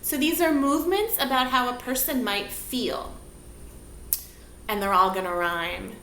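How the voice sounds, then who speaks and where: A woman teaching a movement lesson for young children, prompting them with slow, sing-song questions, recorded on a camera mic across a room. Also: a little high, sharp tone. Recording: echoey room, faint background hiss.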